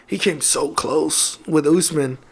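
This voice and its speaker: Laid-back, higher-voiced man swearing casually. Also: slow pace, breathy edge. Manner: profane, laid-back, joking. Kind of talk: casual chat.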